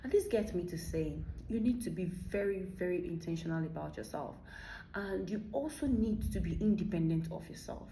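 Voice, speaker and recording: A woman's voice: fairly low pitch, lively intonation, normal speed, dark tone, a little hiss or hum. Woman, Nigerian accent, thirties, emphatic motivational talk, echoey room. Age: 30s. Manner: emphatic, fires rhetorical questions. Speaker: vlogger. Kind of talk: motivational monologue.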